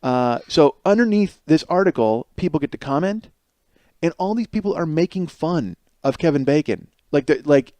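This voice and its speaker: In clean studio sound with no echo, a man in his forties hosts his comedy podcast solo, rambling, swearing and laughing at himself. His fairly high, slightly mellow voice is expressive and moves at a moderate pace.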